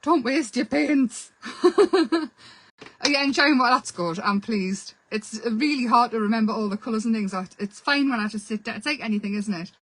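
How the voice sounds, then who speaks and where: A woman's voice: fairly high pitch, lively intonation, moderate pace, a bit bright, poor audio. A woman hosting a casual painting tutorial, chatty and self-deprecating as she explains while she works. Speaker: craft channel host.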